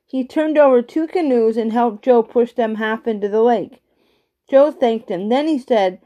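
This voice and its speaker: A woman with a slightly high voice reads a children's chapter book aloud at an unhurried pace. She gives each character's line only a light change and keeps to her own reading voice. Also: dark tone. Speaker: reader. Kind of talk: storybook read-aloud.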